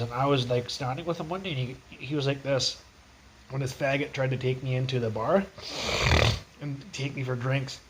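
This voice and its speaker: A man's voice: mid-range voice, slight background noise, rough recording. A young man livestreaming from his phone, telling profane, rambling street stories in casual chat.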